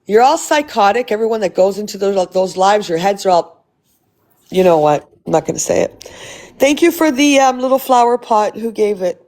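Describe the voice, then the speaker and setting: A woman's voice: medium pitch, expressive, moderate pace, darkish tone. A woman hosting a phone livestream, ranting in a heated, profane and confrontational way while thanking viewers for gifts. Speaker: livestream host. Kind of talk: casual livestream rant.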